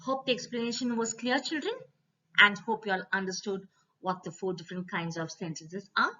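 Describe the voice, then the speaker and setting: A woman teacher giving a slide-based grammar lesson, speaking to children and repeating each rule slowly. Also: mid-range voice, sharp tone. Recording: dull lo-fi voice recording.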